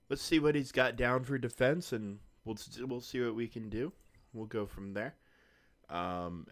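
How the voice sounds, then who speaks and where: A man with a low voice talks on a live game stream. He chats casually and rambles from one topic to the next. Now and then he drops a curse word without thinking. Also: fairly bright tone. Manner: rambling, chatty, swears casually. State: hiccups. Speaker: gaming streamer.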